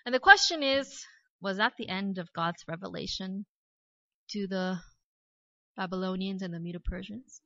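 An Australian woman preaching a sermon, retelling a Bible story with lively storytelling and casual asides. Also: medium pitch, moderate pace, gravelly, pauses often, dry recording. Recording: dry, slightly dull recording.

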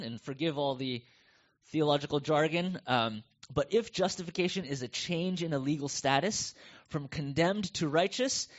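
A middle-aged man with a North American accent, preaching a conversational sermon and telling stories with animation. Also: a little high. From United States. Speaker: pastor. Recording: dull lo-fi sound.

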